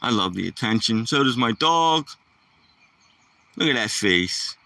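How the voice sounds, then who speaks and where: A man's voice: mid-range voice, expressive, a little slow, creaky, sharp tone, dry recording, distant mic. A man chatting casually while walking his dog outdoors, rambling and joking to the dog and the camera. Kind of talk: casual vlog chat.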